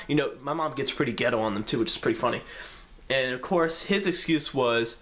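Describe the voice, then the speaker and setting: A young man vlogging a story to camera in a casual, profane, animated way, acting out what each person said. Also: a little fast. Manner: animated, profane, acts out quotes with pitch jumps.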